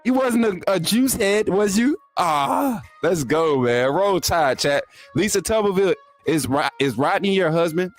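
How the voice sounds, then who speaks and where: A young man, hosting a sports livestream, reading super chats and teasing viewers in energetic, laughing banter. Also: high voice, a little slow, few pauses, faint music behind. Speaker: YouTube sports show host.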